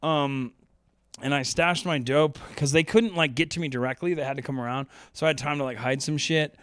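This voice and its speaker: A man's voice: fairly high pitch, fairly even intonation, a little fast, a bit bright, clean tone, no room sound, studio quality. A young man casually telling a long personal story as a podcast host, rambling with lots of fillers and laughing as he goes.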